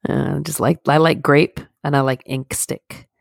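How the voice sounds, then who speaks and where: A woman's voice: low-pitched, fairly even intonation, measured pace, creaky, no echo, studio quality. A woman co-hosting a podcast in casual chat, teasing and swearing with sass. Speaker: podcast co-host.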